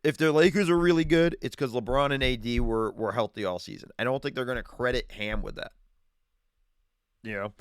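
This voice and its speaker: A man's voice: medium pitch, brisk, smooth, no room sound, clean studio sound. Chatty man streaming from his garage. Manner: rambling, self-correcting, chatty. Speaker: streaming show host. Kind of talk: casual sports betting talk. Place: home garage with wood paneling. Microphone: streaming setup, green screen.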